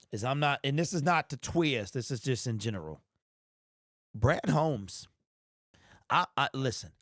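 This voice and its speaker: A man's voice: mid-range voice, no room sound, studio quality. A man from Detroit hosting a fan livestream, ranting with passion and repeating himself. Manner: impassioned, ranting, repetitive. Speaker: fan channel host. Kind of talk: livestream sports rant.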